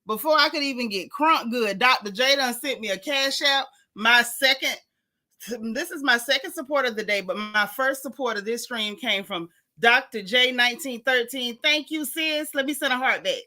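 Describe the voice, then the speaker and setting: A woman's voice: a little high, moderate pace, sharp tone. A woman hosting a casual livestream, chatting and greeting viewers by name. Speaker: livestream host.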